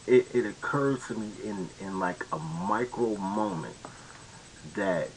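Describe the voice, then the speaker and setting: Male commentary host, rambling slangy monologue, lowish voice, faint hiss on the recording. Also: slow pace, rough recording. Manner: rambling, slangy, many restarts.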